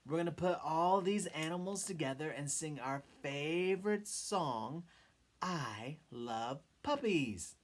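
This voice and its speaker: A man's voice: a little high, measured pace, few pauses. A man leading a children's sing-along lesson, coaxing the kids with questions and cheerful encouragement. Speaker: children's music teacher.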